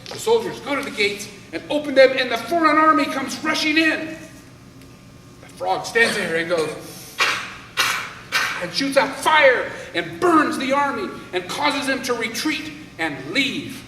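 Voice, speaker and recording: A man telling a folktale aloud in an animated way, with dramatic pauses. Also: extremely high pitch, noisy background. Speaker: storyteller. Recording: echoey hall, voice from far off, faint ambience.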